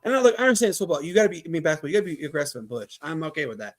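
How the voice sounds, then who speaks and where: A man from Mobile, Alabama with a Southern accent, hosting a casual sports podcast and telling stories in an animated way, laughing often. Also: fairly high pitch. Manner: animated, laughing, quick asides. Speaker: podcast host. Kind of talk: casual chat, storytelling.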